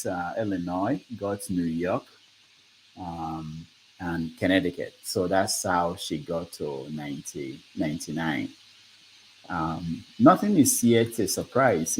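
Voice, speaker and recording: A male host with a lowish voice leads a casual live discussion. He laughs often and reads out results as they come in. Faint noise sits behind him. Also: a little mellow, rough recording.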